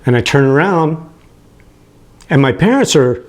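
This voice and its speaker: A man in his late fifties telling a personal story, animated and prone to chuckling, who gets emotional as he talks. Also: a little high, unhurried. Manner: animated, acts out the people he quotes, chuckles as he talks.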